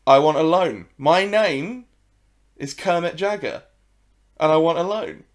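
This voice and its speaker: A man putting on a squeaky pushy frog. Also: measured pace, natural voice. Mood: insistent. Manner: insistent, smug. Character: pushy male frog demanding a bank loan.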